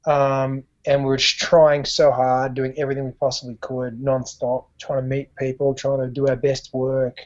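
A man's voice: mid-range voice, little pitch movement, moderate pace, few pauses, lo-fi sound. A man with an Australian accent, a musician guest telling stories in a rambling way with frequent restarts. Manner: rambling, lots of restarts and fillers. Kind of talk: conversational storytelling.

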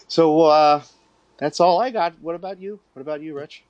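A man hosts a podcast in relaxed, chatty talk, full of fillers and easy asides. The recording is dry and close, with no room sound. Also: fairly high pitch, dry recording, lo-fi sound. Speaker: podcast host. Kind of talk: casual chat.

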